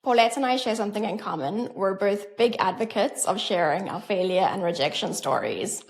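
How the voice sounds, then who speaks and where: A woman's voice: medium pitch, animated, brisk. A woman podcast host reading a scripted introduction, then asking thoughtful interview questions.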